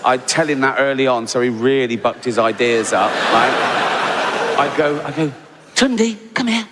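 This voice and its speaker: Here a comedian with a mid-range voice and fairly even intonation works a live stage at a moderate pace, his set laced with sarcasm, profanity and mock frustration. The live recording has loud background noise and a long reverb tail.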